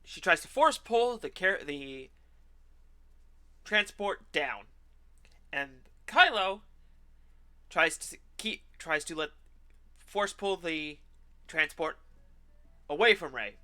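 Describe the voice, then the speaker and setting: A streamer man with a high voice and a piercing, very bright tone. He rants sarcastically and with animation while playing a game, swearing freely. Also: expressive, takes it slowly, long pauses. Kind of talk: ranting commentary while gaming.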